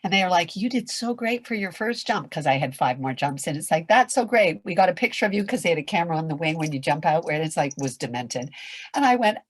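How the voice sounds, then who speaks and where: With a low voice, lively intonation and a quick pace, an older woman, a longtime performer, spins a story for a podcast interview. She's dramatic, voicing the characters and shouting, and candid enough to swear casually. There's no echo.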